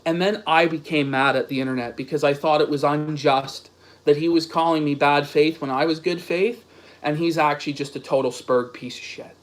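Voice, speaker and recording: Male streamer with a high voice, profane ranting commentary. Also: fairly even intonation, moderate pace. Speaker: streamer host. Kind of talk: angry commentary reading posts aloud.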